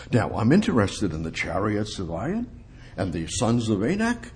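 A male preacher delivering a sermon, asking rhetorical questions and building up to emphatic, high-pitched peaks. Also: wildly swooping pitch, moderate pace, a little mellow, breathy edge.

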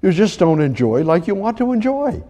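A man preaching a Bible sermon, shifting between loud urging and hushed asides, with frequent restarts and repeated words, reading scripture aloud. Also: moderate pace. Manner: animated, swings between loud exhortation and hushed low asides; reads King James scripture aloud.

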